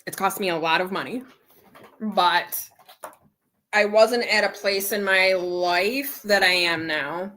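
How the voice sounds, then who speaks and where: A woman's voice: mid-range voice, takes it slowly, fairly bright tone, slight background noise. A middle-aged woman hosting a casual live chat, candidly retelling an argument and quoting both sides of it. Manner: candid storytelling, retelling an argument with quoted dialogue. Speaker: channel host.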